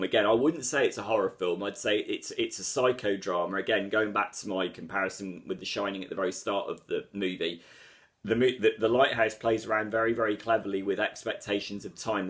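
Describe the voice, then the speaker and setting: A man reviewing a film to camera. He is articulate and emphatic, and he doubles up words for stress. His voice sits a little low. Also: fairly bright tone. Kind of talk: solo video review.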